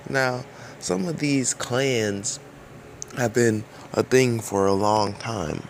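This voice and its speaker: A man's voice: medium pitch, very slow, slight background noise. A man giving casual, rambling commentary over game footage in a dry, drowsy way. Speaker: gaming video creator.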